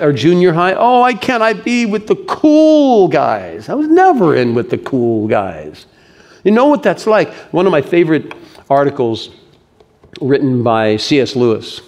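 A man preaching a sermon, animated, swinging between raised emphasis and hushed delivery. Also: a little high. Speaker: pastor.

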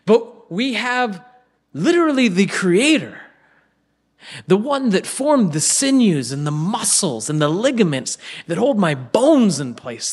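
Young male preacher, slightly high voice, casual and earnest, sermon delivery that sinks into soft hushed stretches. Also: slightly rough. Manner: earnest, conversational preaching that drops to near-whispers.

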